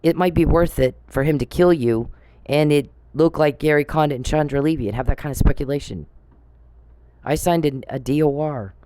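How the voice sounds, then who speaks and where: A woman's voice: low-pitched, moderate pace, mellow, a little hiss or hum. Sarcastic, profane middle-aged woman ranting. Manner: confrontational, sarcastic, profane, full of rhetorical questions. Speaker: vlogger. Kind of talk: angry monologue to camera.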